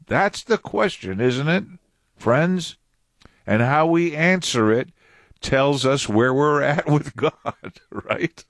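Lively male preacher, dry close sound. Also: mid-range voice, takes it slowly, no room sound. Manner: expressive, repeats and stresses phrases. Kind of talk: sermon.

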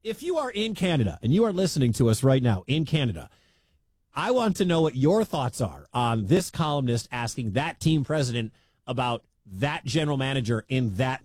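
A man from the Midwestern US hosting sports talk radio, talking in an animated, conversational and emphatic way. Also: medium pitch, normal speed, breathy edge, no room sound.

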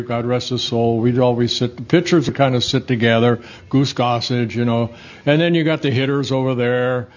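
A man in his seventies from the Netherlands, a former pitcher telling rambling, self-correcting stories in an interview. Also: fairly even intonation, normal speed, muffled recording, a little hiss or hum. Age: 70s. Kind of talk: casual storytelling interview.

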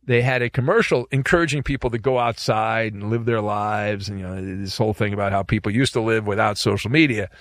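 A man's voice: on the low side, steady tone, fairly quick, hardly any pauses, dry recording, clean studio sound. A man hosting a sports talk show, giving opinionated commentary in a sarcastic, mocking way.

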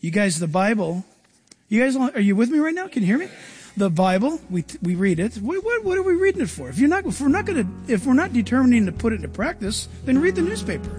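A man preaching a sermon as pastor, animated and acting out quoted lines, sometimes shouting them. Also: very high voice, fast talker, faint music behind.

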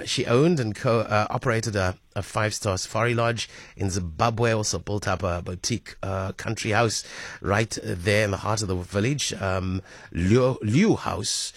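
A man's voice: lowish voice, no echo, studio quality. A man hosting a radio talk show in a chatty way, with frequent fillers and restarts. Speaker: radio host.

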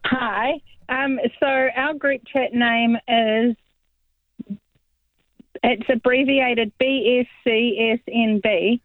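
A woman's voice: fairly high pitch, steady tone, slow, no echo, narrow, tinny audio. Rambling good-humoured woman caller. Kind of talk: phone-in chat.

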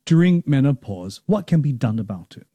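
A man interviewing a doctor, asking engaged, quick follow-up questions. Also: medium pitch, big pitch swings, warm tone, slightly rough.

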